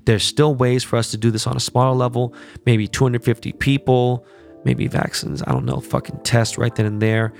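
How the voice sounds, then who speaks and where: A man hosting his podcast on his own, talking casually with a lot of swearing and animated, rambling asides. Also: medium pitch, moderate pace, vocal fry, faint music behind. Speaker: podcast host. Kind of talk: casual solo podcast chat.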